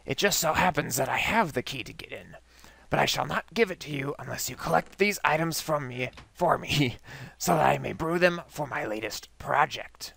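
A man voicing a ruthless male mad scientist in a game story, with a raspy, put-on voice and grand, formal speech. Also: fairly high pitch, lively intonation, normal speed, a bit bright, no room sound, full character voice. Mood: scheming. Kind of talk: reading a game's story aloud in a put-on voice.

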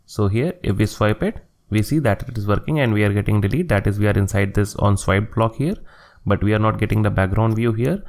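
A man's voice: fairly low pitch, a little fast, vocal fry, darkish tone. A man narrating a screen-recorded coding tutorial, walking step by step through each click and line of code at his desk.

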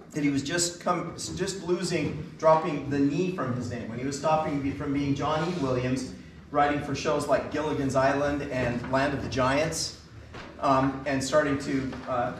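A middle-aged man telling an excited anecdote from a concert stage, with many fillers and restarts. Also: fairly high pitch, unhurried, noisy background. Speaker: band concert speaker. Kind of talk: storytelling from stage. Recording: echoey hall, mic at a distance.

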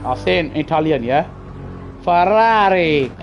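A man's voice: on the high side, normal speed, dull audio. A man streaming a racing game, casually chatting with viewers and reacting as he drives. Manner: chatty, answers chat, slangy. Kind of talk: casual live-stream chat over gameplay. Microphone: gaming headset. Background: car engine noise and music.

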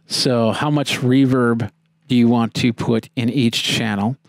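Tech reviewer, male: mid-pitched, relaxed and chatty, walks through each control step by step, dry close sound. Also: measured pace, no room sound. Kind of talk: casual product demo.

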